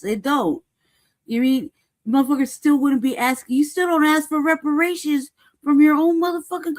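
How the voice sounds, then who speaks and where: A woman's voice: fairly high pitch, darkish tone. A woman hosting a podcast, delivering a heated, profane rant full of rhetorical questions, laughing often and asking "you know what I mean". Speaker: podcast host. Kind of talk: unscripted political commentary.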